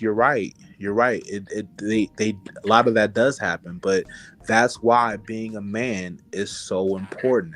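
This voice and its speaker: A man making earnest points on a panel chat, often repeating himself. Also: on the low side. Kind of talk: casual chat.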